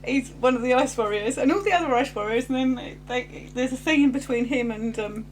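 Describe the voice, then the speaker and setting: A woman from England co-hosting a relaxed conversation, chiming in often with quick agreement and eager asides. Her voice sits slightly high. A faint hum sits under the recording. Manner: lively, warm-hearted, quick agreeing interjections. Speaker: podcast co-host. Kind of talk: casual chat.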